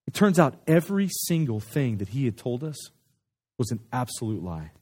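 A pastor tells a story during a sermon, animated and conversational, often restarting his sentences. His voice is medium-pitched and his pace moderate.

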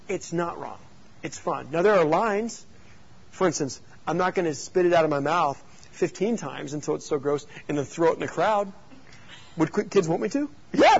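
A man, a youth pastor, teaching youth leaders through animated, joking stories and rhetorical questions. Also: fairly high pitch, gravelly, breathy edge, muffled recording.

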